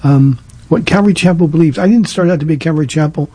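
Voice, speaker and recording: A man's voice: a little high, quick pace, mellow, husky, no room sound, low-quality recording. A man from Southern California, a pastor hosting a call-in radio show, answering listeners' questions in an earnest, plainspoken way at length.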